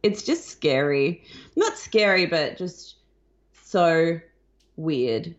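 Young New woman, podcast co-host, wry chatter, lower pitch, dull lo-fi recording. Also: drawn-out words. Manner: animated, wry chat. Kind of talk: casual chat. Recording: dull lo-fi sound.

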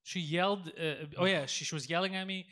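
A man co-hosting a podcast, telling stories in animated casual chat with lots of swearing. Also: sits high, brisk. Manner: animated storytelling, heavy swearing. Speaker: podcast co-host.

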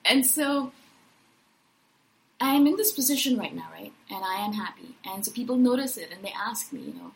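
A woman in her thirties giving a casual personal monologue as a podcast host, enthusiastic and animated, often tagging her points with "right?". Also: fairly high pitch, normal speed, low-quality recording. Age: 30s.

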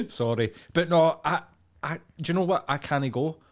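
A man's voice: fairly high pitch, sing-song, a little slow. Sweary Scottish man chatting. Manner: sweary, blunt, laughs often. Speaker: podcast co-host. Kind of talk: casual chat.

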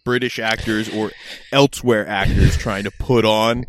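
Rambling, profane man with a low voice. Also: fairly even intonation, normal speed, slight background noise. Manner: rambling, profane, many restarts. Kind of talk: casual chat.

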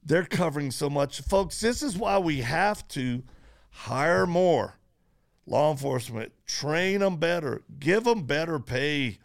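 A man hosting a podcast interview, telling stories in quick animated bursts and laughing as he goes. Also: a little high. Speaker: podcast host. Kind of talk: casual interview chat.

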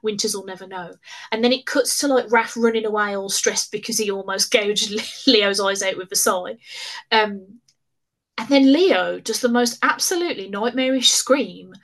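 A woman, chatting excitedly on a podcast and laughing often. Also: mid-range voice, moderate pace. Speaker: podcast guest. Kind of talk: casual chat.

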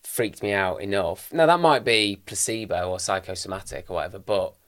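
A man's voice: sits low, a little fast. A man co-hosting a podcast, chatting casually with dry, teasing humour. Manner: dry, teasing, animated when joking. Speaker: podcast co-host. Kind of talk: casual chat.

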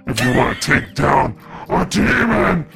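A man's voice: fairly high pitch, sing-song, a little slow, gravelly, bright, forceful tone, faint music behind, exaggerated voice. A man voicing a small, defiant male demon who taunts his foes in a boastful way.

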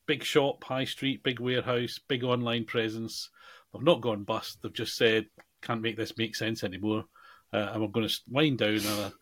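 A man co-hosts a podcast in loose, casual conversation, rambling along with plenty of fillers and restarts. His voice sits fairly low and sounds fairly bright, with a fairly even intonation at a normal speed.

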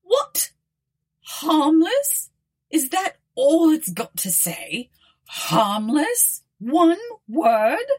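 A woman voicing a flustered, indignant young man in an audiobook, with excitable high-pitched outbursts. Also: drawn-out words, full character voice. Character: flustered, indignant young Englishman, easily panicked.

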